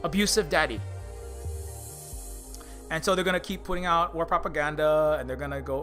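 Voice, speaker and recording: A man streams live with a high, sharp-edged voice. He rants with passion and rambles, stacking fillers and restarts. Faint music plays behind him. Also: fairly even intonation, normal speed, long pauses. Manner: slips into mocking impressions of others. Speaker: indie game developer streaming live. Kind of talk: impassioned political rant on a live stream.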